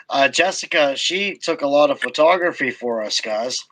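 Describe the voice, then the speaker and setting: A man hosting a casual livestream recap, telling his story slowly with halting restarts. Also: medium pitch, fairly bright tone, no room sound, poor audio. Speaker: host.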